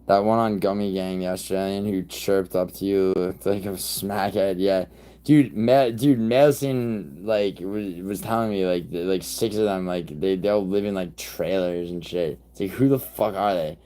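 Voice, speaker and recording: Man, deep voice, livestream host, casual chat, profane, rambling, loud bursts. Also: fairly even intonation, normal speed. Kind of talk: casual live-stream chat reacting to viewers.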